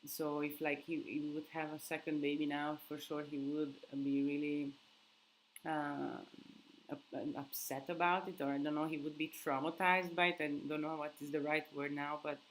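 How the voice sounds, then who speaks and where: A woman's voice: low voice, level tone, moderate pace, slight background noise, rough recording. A sleep-deprived young woman hosts a casual live Q&A. She answers viewer questions, thinking aloud and hunting for words.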